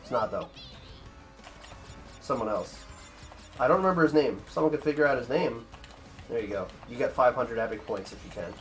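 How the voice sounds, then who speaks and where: A man's voice: medium pitch, brisk, soft background music. Profane rambling male streamer. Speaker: streamer, speedrunner. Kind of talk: casual chat with stream viewers while gaming.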